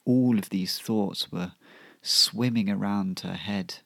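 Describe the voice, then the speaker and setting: Slow, gravelly male storyteller. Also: on the low side, a bit bright, no echo. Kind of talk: comic serial story narration.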